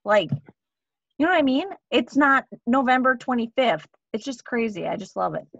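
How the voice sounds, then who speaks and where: A woman's voice: a little high, animated, moderate pace, creaky, no echo, lo-fi sound. A woman leading a casual sales team meeting on a video call, upbeat and enthusiastic as she cheers people on.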